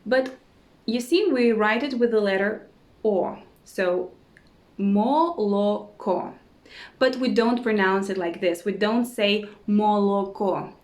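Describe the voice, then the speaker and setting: A woman teaching a language lesson who says each word slowly and repeats it several times, with short words of encouragement. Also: a little high, reverberant. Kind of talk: slow repeat-after-me pronunciation lesson.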